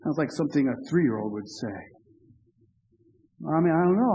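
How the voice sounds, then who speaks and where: High-voiced preacher in a reverberant hall. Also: male voice, expressive, normal speed, pauses often, mellow. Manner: earnest, with humorous asides and restarts. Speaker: pastor. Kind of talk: sermon.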